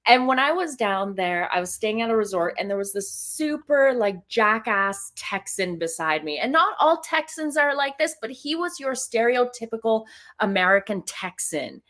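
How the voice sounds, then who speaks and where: A woman's voice: fairly high pitch, animated, normal speed, fairly bright tone. Blunt, candid woman guest on a call. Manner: candid, multitasking, blunt with swearing. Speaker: guest, parent. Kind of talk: casual live-stream chat.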